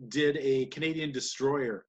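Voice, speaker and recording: A man co-hosts a podcast, recapping wrestling matches in casual, rambling chat and laughing often. His voice is medium-pitched and a little slow.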